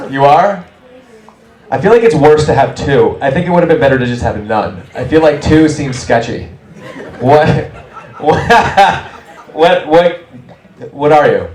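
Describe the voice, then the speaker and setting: A man doing stand-up crowd work, brash and teasing, firing quick jabs at audience members. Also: a little high. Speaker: stand-up comedian. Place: small comedy club. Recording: roomy club from a distance, crowd laughter. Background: audience laughing.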